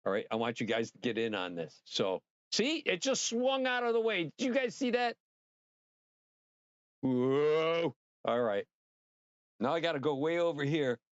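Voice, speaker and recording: Male livestream host, higher pitch, loose and excitable, cusses freely, dry lo-fi mic sound. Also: a little slow, long pauses, clear, resonant tone, no echo. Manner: rambling and excitable, swears freely, talks straight to viewers. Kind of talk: casual livestream chat.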